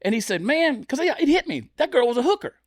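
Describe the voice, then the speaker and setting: A man's voice: very high voice, fast, no room sound, clean studio sound. A man telling wild comic stories as a podcast guest, acting out the voices of the people he quotes. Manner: animated storyteller, lively acted-out quotes. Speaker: comedian guest. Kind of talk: storytelling on a podcast.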